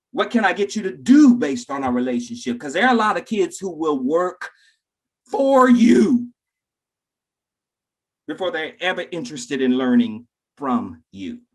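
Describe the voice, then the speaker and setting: A man delivering a keynote to a room of teachers, his delivery lively and swooping. His voice carries a husky edge as he speaks straight to the audience, storyteller style. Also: fairly high pitch. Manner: dramatic storyteller who acts out voices; talks directly to the audience.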